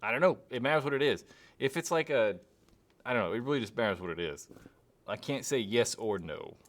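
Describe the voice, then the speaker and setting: A man's voice: mid-range voice, expressive, a little fast. A young man hosting a live stream and answering chat questions casually, rambling and hesitant, with many fillers.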